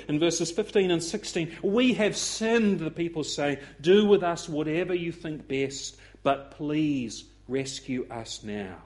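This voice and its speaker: A man preaching a sermon, acting out the voices he quotes with lively swings. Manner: expressive, acts out quoted voices with rising pitch.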